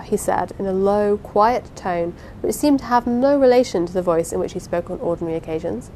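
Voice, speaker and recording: A woman's voice: mid-range voice, fairly quick, hardly any pauses, dark tone, slight background noise, rough recording. Woman reading a classic novel aloud. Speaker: audiobook reader. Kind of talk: unhurried amateur audiobook narration.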